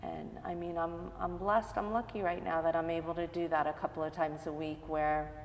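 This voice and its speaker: A woman guest in a casual interview, earnest and animated when telling stories. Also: deep voice, fairly quick, big-room sound, lo-fi sound, a little hiss or hum.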